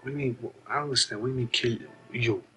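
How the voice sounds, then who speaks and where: An actor playing a jealous older brother in a film scene, pressing questions in a slow, low, quiet menace. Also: male voice, slightly rough. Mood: suspicious. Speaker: film character.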